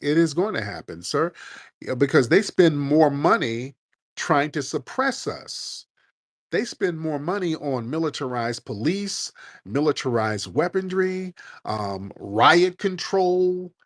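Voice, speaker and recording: A man's voice: fairly high pitch, lively intonation, takes it slowly. A man hosting a call-in show, arguing bluntly and combatively and cursing freely. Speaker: show host. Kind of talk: heated live call-in debate.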